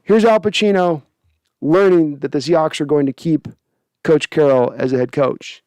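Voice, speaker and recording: Reading out viewer comments and laughing a lot, a man hosts a sports podcast in a relaxed, chatty style. He speaks at normal speed in a higher register with a darkish tone, captured in studio quality without echo.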